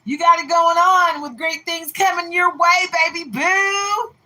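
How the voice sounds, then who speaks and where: A woman's voice: very high-pitched, moderate pace, low-quality recording. A woman doing a casual, playful tarot reading at home. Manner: animated, playful, sings and laughs. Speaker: tarot reader. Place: home with dogs.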